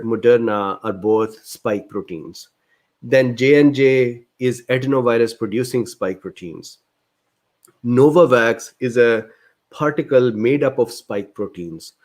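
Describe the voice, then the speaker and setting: A man hosting a livestreamed medical Q&A, reading viewer questions aloud and answering them. His voice sits at a medium pitch, and an indignant, exasperated edge runs through his explanations. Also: a little mellow. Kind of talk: livestreamed Q&A lecture.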